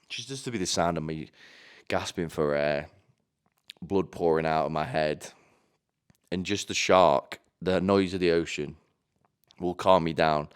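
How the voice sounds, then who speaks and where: A man delivering a rambling comedic monologue in a deadpan way, often stumbling and restarting his sentences. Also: deep voice, clean tone. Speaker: comedy vlogger.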